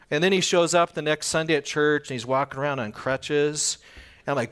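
A man's voice: a little high, a bit bright, smooth. Conversational man preaching a sermon. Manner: acts out little scenes with quick voice changes; conversational, asks the listeners questions. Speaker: pastor.

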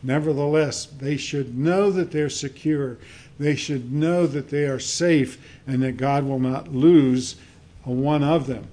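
A man preaching a sermon to a congregation, speaking in a measured way with frequent fillers and reading scripture aloud. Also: medium pitch, steady tone, mellow. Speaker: pastor.

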